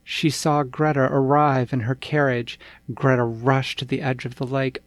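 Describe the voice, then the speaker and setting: A man reading a bedtime story aloud in a gentle, unhurried storytelling manner. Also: medium pitch, flat delivery, no room sound.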